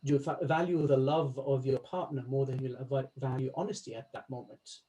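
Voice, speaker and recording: Man coaching slowly, stressing his words. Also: medium pitch, warm tone, rough recording. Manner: instructive, stresses words slowly, laughs easily. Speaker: life coach. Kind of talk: coaching talk to a small group.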